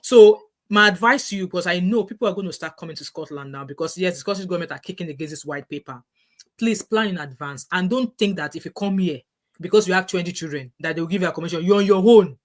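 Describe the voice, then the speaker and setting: A woman's voice: lowish voice, fast. A middle-aged woman with a Nigerian English accent, vlogging casual advice earnestly and often restarting her sentences. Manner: earnest, repetitive, with frequent restarts.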